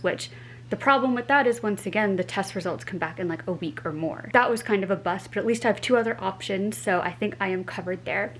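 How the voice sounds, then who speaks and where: A woman's voice: medium pitch, a little hiss or hum, poor audio. An American woman vlogging to camera in a casual, rambling way, full of "like" fillers. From United States.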